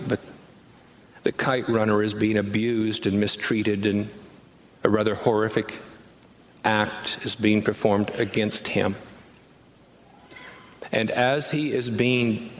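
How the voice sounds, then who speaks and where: A man preaching a sermon as a pastor, earnest and pressing, often repeating lines and asking rhetorical questions. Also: on the low side. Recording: echoey church hall, reverb.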